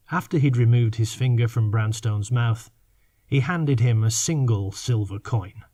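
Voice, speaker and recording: Guy reading an audiobook, very slow and measured, mid voice. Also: medium pitch, mellow. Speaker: audiobook narrator. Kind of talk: scripted narration.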